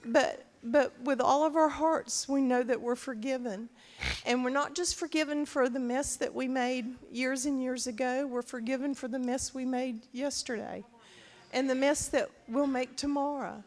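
Middle-aged woman, high voice, earnest rambling sermon talk, church hall reverb. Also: fairly even intonation, normal speed. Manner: earnest and rambling, with many restarts. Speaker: pastor's wife and co-pastor.

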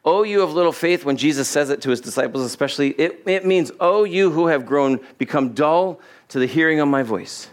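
A pastor with a fairly high voice preaches a bit fast in church, with hardly any pauses. He animatedly plays out the Bible characters' lines, and his sermon is recorded on a body-worn mic with a cable.

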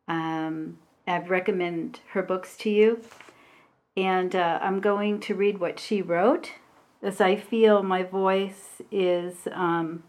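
Slow, soft-spoken woman meditation teacher. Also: fairly low pitch, fairly even intonation. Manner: slow, hesitant, with pauses and fillers. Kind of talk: Dharma talk.

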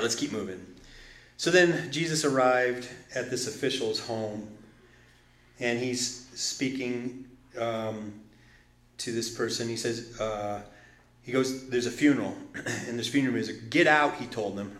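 A man preaching a sermon as pastor, moving between loud exclamations and quiet asides. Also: mid-range voice, unhurried. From Detroit. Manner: animated, swings from loud exclamations to soft asides. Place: church sanctuary. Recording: echoey room.

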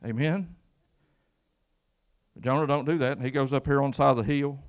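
A man's voice: mid-range voice, a little fast. A man preaching a sermon as pastor, folksy and emphatic, with repeated words and call-outs to the congregation. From Kentucky.

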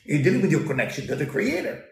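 A man's voice: fairly high pitch, big pitch swings, fast talker. A man giving a storytelling Torah lesson in broken English, mixing in Hebrew quotes. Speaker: Torah teacher. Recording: roomy echo.

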